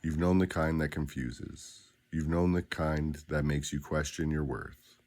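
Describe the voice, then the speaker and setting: A man guiding listeners through spoken daily affirmations, with a slow, deliberate, grounded delivery and pauses between phrases. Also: rumbling low, fairly even intonation, a little mellow. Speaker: affirmation guide.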